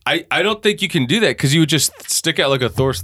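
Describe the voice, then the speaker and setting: A man's voice: on the high side, expressive, quick pace, sharp tone, dry recording. A man co-hosting a podcast, talking bluntly and profanely while musing on ideas. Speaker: podcast co-host. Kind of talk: casual chat.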